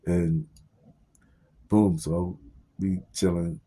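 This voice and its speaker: A man's voice: low voice, little pitch movement, very slow, warm tone. A young man telling a personal story in casual street slang, with heavy profanity and fillers, acting out what each person said.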